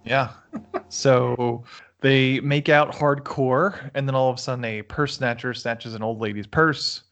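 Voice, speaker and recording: A man's voice: medium pitch, steady tone, unhurried, fairly bright tone. A man casually recapping a movie with a friend, joking crudely and laughing often. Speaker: podcast co-host.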